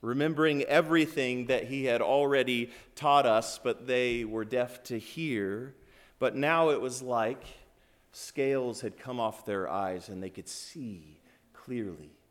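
A man preaching a sermon, retelling the story as if he were there, swinging from loud passion to hushed awe. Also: medium pitch, unhurried. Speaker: pastor.

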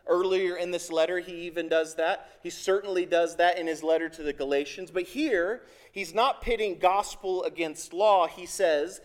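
A man's voice: high-pitched, moderate pace, hardly any pauses. A man preaching a sermon as pastor, earnest and emphatic, repeating key phrases for weight.

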